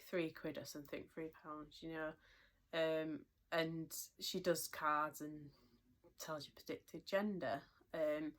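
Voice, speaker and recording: A young woman with a British accent talks through a casual vlog update in a low voice. She rambles with plenty of fillers and sounds a little out of breath at times. It's relaxed, everyday home chat. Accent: British English. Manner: chatty, rambling, many fillers. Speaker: vlogger.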